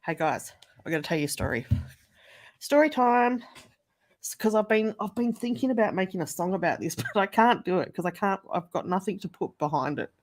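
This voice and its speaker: A woman's voice: medium pitch, expressive, brisk. A woman telling a story in a casual livestream, chatting and swearing freely.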